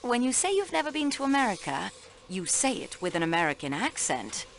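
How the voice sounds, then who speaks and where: An actress playing a sharp young female railway clerk questioning suspects in a video game, precise and polite. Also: mid-range voice, very animated, moderate pace, slight background noise. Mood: pressing.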